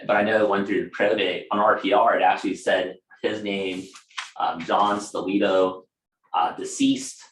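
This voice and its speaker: A man's voice: lowish voice, level tone, normal speed, fairly bright tone, reverberant, slight background noise, low-quality recording. A man running a casual real estate training session for a small group, talking conversationally with fillers and asides.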